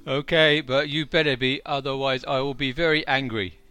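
Bright-voiced man playing a tabletop game. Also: mid-range voice, fairly even intonation, normal speed, clear, resonant tone, dry recording, faint music behind. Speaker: player. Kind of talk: casual tabletop game chat.

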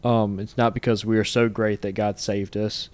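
A man's voice: fairly low pitch, level tone, normal speed. A man co-hosting a casual faith discussion, speaking thoughtfully and working from his notes.

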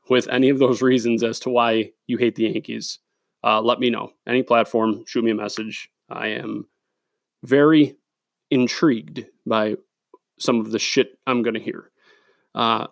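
Gravelly, blunt, profane sports-podcast man. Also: medium pitch, no echo, studio quality. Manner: blunt, profane, opinionated, with many fillers. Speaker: podcast host. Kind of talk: solo sports podcast rant. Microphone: studio microphone.

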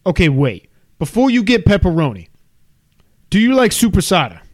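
A man voicing a gruff, pushy New York pizza shop owner who repeats himself insistently. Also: sits high, huge pitch swings, normal speed, no echo, voice pushed up, heavily acted.

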